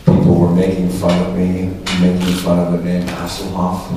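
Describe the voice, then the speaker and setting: A man in his sixties, a press-conference guest telling anecdotes in an animated way, often laughing. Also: sits low, moderate pace. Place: large echoey hall, press conference. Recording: echoey hall from far off with faint noise.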